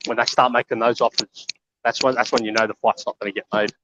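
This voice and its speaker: A man's voice: medium pitch, little pitch movement, fast talker, muffled recording, noisy background. A man chatting casually about boxing, talkative and easygoing.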